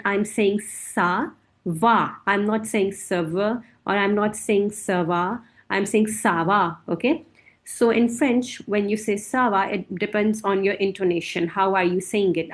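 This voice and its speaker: In a mid-range voice, a woman teaches a beginner French lesson. She talks slowly and patiently, repeating each word so her students can drill it.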